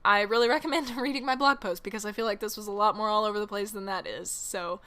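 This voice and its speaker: A woman's voice: medium pitch, steady tone, fast talker, pushed and bright. A woman hosting a solo podcast, teaching horse training in a chatty way, laughing often and making self-mocking asides.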